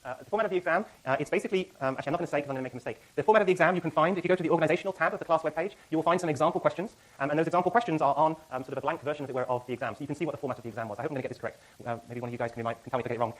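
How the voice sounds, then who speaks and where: Class announcements come fast from a middle-aged university lecturer in a lecture hall; his fairly high-pitched delivery is riddled with fillers and corrections of himself.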